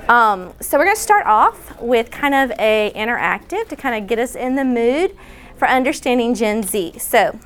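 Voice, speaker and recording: Higher-voiced woman leading a workshop. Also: expressive, a bit bright, slight background noise. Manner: chatty, directs volunteers, quick asides. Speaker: workshop speaker. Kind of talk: interactive workshop session. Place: indoor room.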